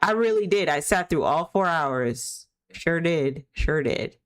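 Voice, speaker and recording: A woman's voice: deep voice, animated, unhurried. A woman streaming live, talking in a rambling, candid, opinionated way, full of filler words. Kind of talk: casual chat while gaming.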